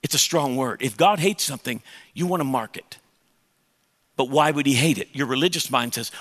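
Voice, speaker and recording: A man's voice: mid-range voice, moderate pace, a bit bright, in a large hall. A man pastor preaching a sermon, emphatic and conversational, putting questions to the congregation.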